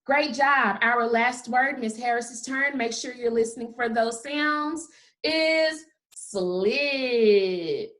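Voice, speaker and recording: With a highish, fairly bright voice and a steady tone, a woman kindergarten teacher gives a recorded phonics lesson. She models sounds slowly and exaggeratedly, one after another, praising the children often and cheerfully.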